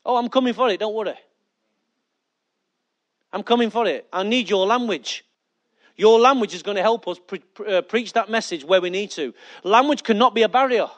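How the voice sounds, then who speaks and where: A male pastor, preaching a sermon with lively rhetorical questions and jokey asides to his church. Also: high voice, moderate pace, pauses often.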